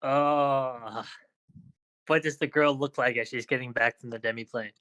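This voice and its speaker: Bright-voiced hesitant male player. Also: medium pitch, fairly even intonation, a little slow. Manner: hesitant, stammering. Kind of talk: tabletop game play.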